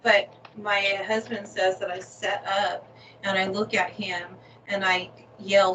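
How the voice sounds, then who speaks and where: A woman's voice: mid-range voice, flat delivery, measured pace, a bit bright. A woman guest in a casual chat, talking in loose, restarting sentences. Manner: conversational, trailing restarts. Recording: distant mic with faint noise.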